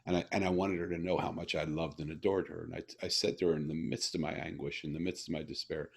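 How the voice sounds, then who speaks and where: Deep gravelly middle-aged man, earnest host. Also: little pitch movement, quick pace, hardly any pauses. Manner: earnest, emotional storyteller with frequent restarts. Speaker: podcast host. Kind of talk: heartfelt conversational interview.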